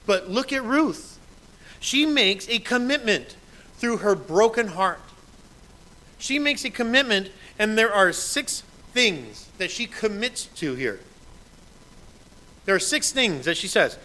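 A man's voice: sits high, expressive, takes it slowly, sharp tone, rough recording. A man in his thirties, a pastor preaching a sermon in a conversational way, quoting scripture with emphasis.

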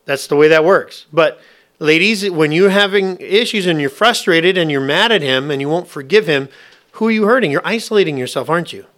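A man's voice: fairly high pitch, animated, brisk, fairly bright tone. A man preaching a sermon, asking his listeners question after question in a conversational way. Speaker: pastor.

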